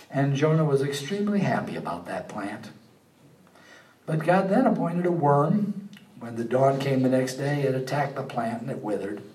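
A man preaching a sermon, animated, rising to emphatic peaks and then dropping low and quiet. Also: reverberant, distant mic, poor audio. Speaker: pastor.

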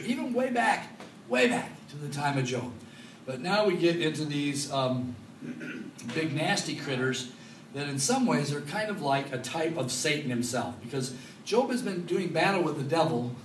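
A man preaching a Bible study sermon to a congregation, talking in a lively, joking way. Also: on the high side, normal speed, a little hiss or hum. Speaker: pastor. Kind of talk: expository Bible teaching. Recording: echoey room, mic at a distance.

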